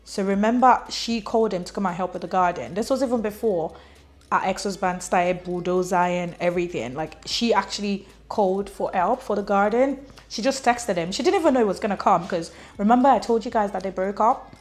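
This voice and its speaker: A woman's voice: mid-range voice, fairly quick. A woman recapping a thriller novel in a chatty way, full of "like" and acted-out quotes. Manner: chatty, fills speech with "like", acts out quotes. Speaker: book reviewer. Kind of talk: casual book recap.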